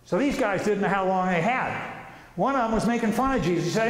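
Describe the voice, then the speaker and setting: A man's voice: high-pitched, expressive, fairly quick. A man presenting an informal religious talk, telling the story vividly and casually with slang. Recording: echoey hall reverb.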